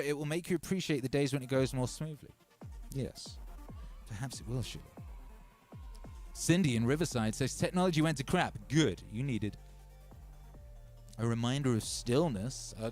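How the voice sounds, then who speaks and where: A man's voice: mid-range voice, darkish tone. A man hosting a loose, chatty livestream, with a voice that sits in the middle of the male range. He rambles, mocks himself, restarts his sentences and reads viewer comments aloud. Faint music plays behind him. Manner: rambling and self-mocking, with frequent fillers and restarts; talks straight to viewers as brothers and sisters. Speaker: livestream host and music producer.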